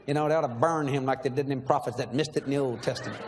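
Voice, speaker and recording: A middle-aged man, telling a story in a sermon with animated energy, laughing and shouting at the peaks. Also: mid-range voice, very fast. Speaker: preacher. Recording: long reverb in a large hall, faint noise.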